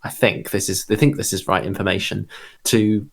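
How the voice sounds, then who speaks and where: A man's voice: fairly low pitch, steady tone, moderate pace, creaky, fairly bright tone. A man hosting a casual group chat, talking in a thoughtful way with lots of fillers and hedges. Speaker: podcast host.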